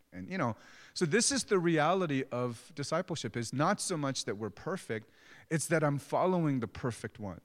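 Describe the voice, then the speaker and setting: A man's voice: a little high, lively intonation, moderate pace. A middle-aged man preaching as a pastor, conversational and self-deprecating as he tells stories about his own family. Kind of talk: sermon. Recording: long hall reverb.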